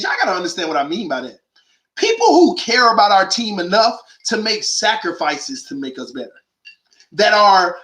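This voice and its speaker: A man riffs through an emphatic, preachy monologue, firing off rhetorical questions in slangy talk. His voice sits high and swoops up and down. The room around him rings with echo. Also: fairly bright tone. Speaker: host of a call-in sports show. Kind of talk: animated opinionated monologue.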